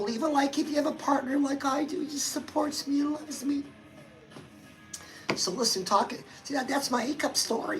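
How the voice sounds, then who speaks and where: Addressing her audience as "girl," this livestream host keeps things chatty and motivational. She has a high voice, and the recording is rough.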